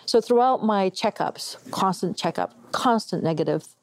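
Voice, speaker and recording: A middle-aged woman from Canada giving a personal testimony as an interview guest, telling it in an animated way and acting out the voices of the people she quotes. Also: medium pitch, moderate pace, dry recording.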